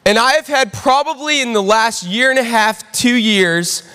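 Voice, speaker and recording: A young man, preaching a sermon as a pastor and telling a story, animated and calling out to the audience. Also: extremely high pitch, normal speed, clear, resonant tone. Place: large church auditorium. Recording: long hall reverb.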